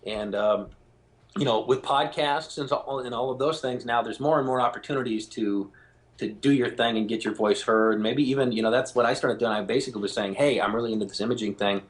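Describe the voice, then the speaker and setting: A man being interviewed as a guest, telling stories in an animated way and acting out the voices of people he quotes. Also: medium pitch, brisk. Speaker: guest, game show host. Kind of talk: phone interview, storytelling.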